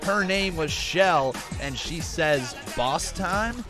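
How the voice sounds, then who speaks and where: A man's voice: fairly high pitch, expressive, slow, music in the background. A man hosting a live reaction stream, chatting casually and reading out viewer donations and questions. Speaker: livestream host.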